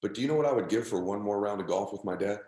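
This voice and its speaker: Brief: middle-aged male motivational speaker, low-pitched, emphatic, in an echoey room. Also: very fast, warm tone. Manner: intense, emphatic, calls listener "bro". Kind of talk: emotional motivational storytelling.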